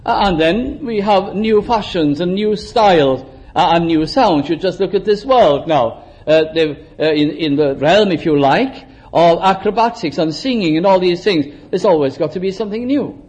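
An older man preaching a sermon, earnest, rising to emphatic exhortations and dropping low and quiet. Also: expressive, moderate pace, few pauses.

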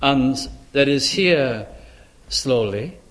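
Animated male preacher with lively pitch. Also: drawn-out words. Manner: expressive, acts out quoted voices with wide pitch swings. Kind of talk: sermon.

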